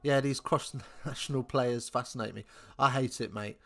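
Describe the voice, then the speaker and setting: A man's voice: medium pitch, fairly even intonation, normal speed, gravelly, bright, forceful tone. A young man from England hosting a live rugby watch-along, chatting casually, thinking aloud and answering viewers as he follows the match.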